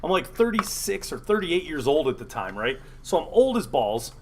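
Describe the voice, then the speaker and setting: A man's voice: on the high side, sing-song, moderate pace. A man in his forties on a podcast, talking bluntly and profanely in a joking way. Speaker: podcast co-host. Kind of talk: crude storytelling chat.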